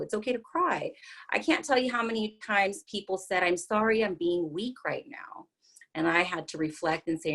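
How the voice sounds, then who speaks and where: A woman's voice: on the low side, creaky. A woman psychotherapist giving a talk, earnest and reassuring, with frequent fillers and restarts. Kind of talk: talk to an online group.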